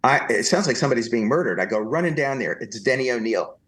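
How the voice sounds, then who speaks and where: A man from New Jersey recounts stories as a podcast guest. His voice sits at a middle pitch. He talks in a lively way and slips into the voices of the people he quotes. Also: fast. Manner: animated anecdotal storytelling, acts out quoted voices. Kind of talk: storytelling interview.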